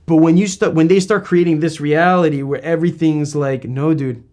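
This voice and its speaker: A man's voice: a little high, steady tone, fairly quick, darkish tone. A man interviewing a guest in a casual talk, rambling and emphatic with many restarts.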